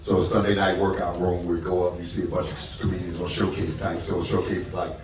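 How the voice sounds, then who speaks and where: A lower-voiced man in a theater, recorded from a distant mic so his voice rings through a big echoey room. He tells stories in casual stage chat, animated and laughing often, with an audience heard behind him. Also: brisk, a crowd in the background. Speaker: comedian on a live stage talk.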